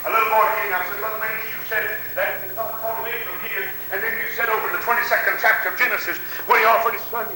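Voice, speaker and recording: A man preaching a sermon, emphatic and fervent, with frequent "uh" and "hallelujah" interjections and rises into shouts. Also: high-pitched, fairly even intonation, fast, few pauses. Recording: echoey hall with faint hiss.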